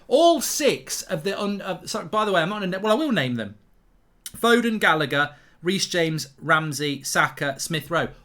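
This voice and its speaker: Indignant English football pundit ranting. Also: male voice, sits high, very animated, normal speed, fairly bright tone. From England. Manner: indignant, repeats himself, stammering restarts. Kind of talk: ranting reaction monologue.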